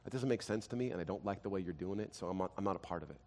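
A man in his thirties preaching a sermon, telling family stories, dropping to quiet and rising to loud. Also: low-pitched, rapid-fire. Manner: animated storytelling, swings from quiet to loud. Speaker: pastor. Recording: long hall reverb.

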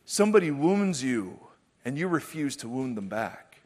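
A middle-aged man preaching a sermon, swinging from loud, emphatic declarations to hushed, intimate storytelling. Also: medium pitch, very animated, moderate pace. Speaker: pastor.

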